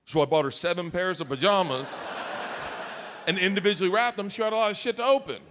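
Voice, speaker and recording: A middle-aged man doing a stand-up comedy set on a club stage, telling stories loudly and shouting his punchlines. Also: high-pitched, fast talker. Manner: loud, animated storytelling with shouted punchlines. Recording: live club audio with audience noise.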